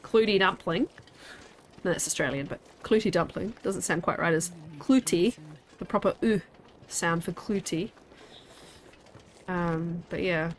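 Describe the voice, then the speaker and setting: A woman's voice: mid-range voice, a bit bright, a little hiss or hum. Chatty Kiwi woman streaming a game. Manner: chatty, rambling, answers chat aloud. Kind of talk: casual chat while gaming.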